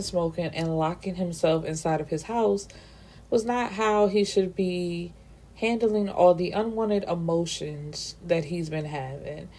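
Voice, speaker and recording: A woman reviewing a book in a casual, animated recap, swearing freely and acting out the characters' lines. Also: fairly low pitch. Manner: animated, profane, acts out character dialogue.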